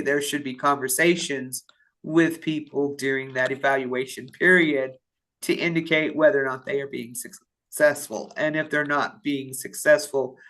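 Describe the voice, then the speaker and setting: A woman's voice: low voice, a bit bright. A woman from payroll presenting in a staff webinar, reading out attendee questions and answering them with many fillers and restarts while she has the hiccups.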